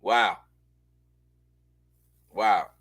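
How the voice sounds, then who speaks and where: A man's voice: on the low side, drawn-out words, fairly bright tone, husky, dry recording. A man hosting a live show, commenting on court news in a loose, slangy way, repeating himself and talking straight to his viewers.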